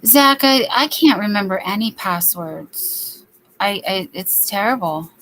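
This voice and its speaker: A woman's voice: medium pitch, expressive, a little slow, fairly bright tone, a little hiss or hum, rough recording. A woman hosting a late-night crochet livestream, chatting casually and reading viewer comments aloud. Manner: chatty, reads viewer comments aloud, baby-talks to her dog. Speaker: livestream host. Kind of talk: casual chat while crocheting.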